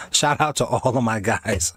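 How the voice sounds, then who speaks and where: A man's voice: medium pitch, measured pace, a bit bright. A man hosting a reaction video, talking candidly in a rambling way and laughing often. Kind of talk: casual reaction commentary.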